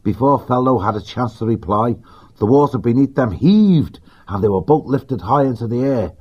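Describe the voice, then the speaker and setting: A man narrating an animal adventure audiobook in a steady, vivid reading. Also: mid-range voice, normal speed, slightly rough. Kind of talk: scripted storybook narration. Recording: dull lo-fi recording.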